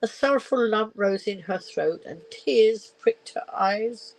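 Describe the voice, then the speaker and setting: A woman's voice: mid-range voice, lively intonation, measured pace, hardly any pauses, slight background noise, rough recording. An older woman, reading a children's picture book aloud on a live stream and breaking off for chatty asides. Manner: chatty asides, laughs often.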